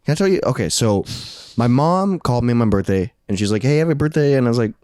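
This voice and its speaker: A man's voice: mid-range voice, very animated, quick pace, a little mellow, no echo, clean studio sound. A man in his late twenties, co-hosting a podcast in casual chat, blunt and profane, laughing often. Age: 20s. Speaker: podcast co-host.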